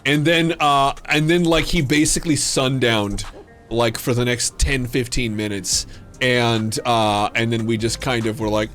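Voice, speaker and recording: A man's voice: medium pitch, little pitch movement, measured pace, fairly bright tone, soft background music. A man hosting a livestream, telling a story in a loose, casual way. He swears freely and fills his talk with fillers and restarts. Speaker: livestream gamer host.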